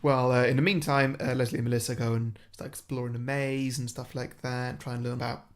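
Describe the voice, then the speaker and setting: A man's voice: medium pitch, flat delivery. A man chatting casually as a podcast co-host, spinning a made-up story and laughing often. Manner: laughs often, does quick voices for characters. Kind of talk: casual chat, pitching a made-up film plot.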